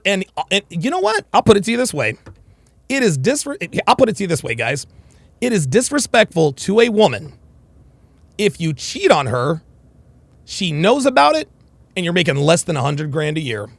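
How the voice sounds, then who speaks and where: Ranting man, high gravelly voice. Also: sing-song, normal speed, long pauses, dry recording. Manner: blunt, crude, ranting. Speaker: reacting commentator. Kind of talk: heated reaction commentary.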